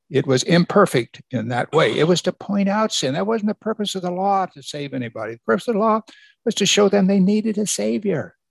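Gravelly-voiced male pastor preaching. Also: on the high side, dry recording. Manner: emphatic, rhetorical questions to the congregation. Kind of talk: sermon.

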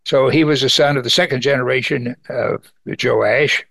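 A man's voice: normal speed, gravelly, fairly bright tone, no room sound. A man teaching an evening Bible study, earnestly reading scripture aloud and lifting his voice to stress key points. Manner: earnest, rises in pitch for emphasis, reads scripture aloud.

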